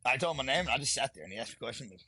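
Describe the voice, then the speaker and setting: A man's voice: medium pitch, animated, rapid-fire, pushed and bright, slightly rough. A retired Marine sergeant, a man, is a podcast guest telling war stories in a blunt, profane way and often laughing while he talks. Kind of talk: candid storytelling interview.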